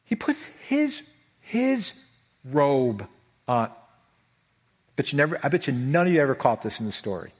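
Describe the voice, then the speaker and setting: A middle-aged man preaching a sermon as pastor, animated, with his voice leaping high for emphasis and slowing right down on key words. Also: husky. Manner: animated, voice leaps high for emphasis, drawn-out slow stresses.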